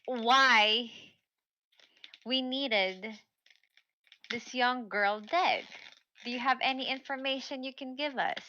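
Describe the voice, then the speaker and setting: Woman playing her character, polite and hesitant, slow talker, muffled lo-fi mic. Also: fairly high pitch, pushed and bright, a little hiss or hum. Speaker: player. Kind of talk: in-character tabletop play. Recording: dull lo-fi mic.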